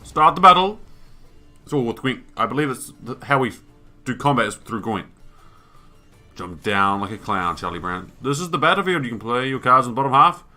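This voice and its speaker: A man's voice: medium pitch, lively intonation, fairly quick, pushed and bright, soft background music. A man doing let's play commentary, thinking aloud, reading on-screen text and swearing casually. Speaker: gaming YouTuber.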